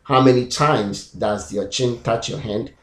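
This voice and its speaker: A man teaching pronunciation, repeating example words slowly and syllable by syllable. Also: medium pitch, a bit bright, slight background noise. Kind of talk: classroom-style lesson. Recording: echoey room.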